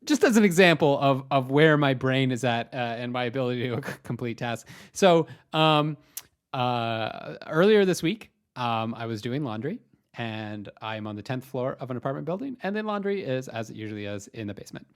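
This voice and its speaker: A man's voice: medium pitch, animated, normal speed, clean tone. Rambling, self-deprecating young man. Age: young adult. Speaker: podcast co-host. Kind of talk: casual comedic storytelling.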